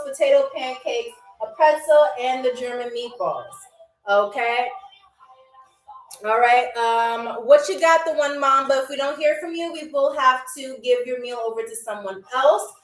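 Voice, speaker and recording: Chatty high-voiced woman hosting a live show. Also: moderate pace, recorded from a distance. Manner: chatty, animated, addresses viewers as y'all. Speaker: host playing a flight attendant on a live game show. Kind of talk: playful live-stream role-play as stewardess. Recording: echoey room, off-mic, faint music.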